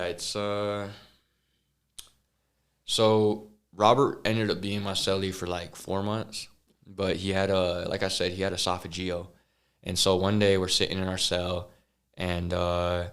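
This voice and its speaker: Man, very low voice, podcast guest, earnest personal storytelling, halting restarts. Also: level tone, smooth. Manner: earnest, retelling events with sighs and halting restarts. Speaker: interview guest.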